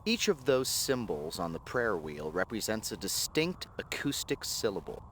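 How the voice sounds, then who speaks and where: A man's voice: on the low side, very animated, normal speed, fairly bright tone, a little hiss or hum. An actor voicing a self-assured male AI companion in a video game, who lectures as he explains. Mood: explaining. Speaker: game character.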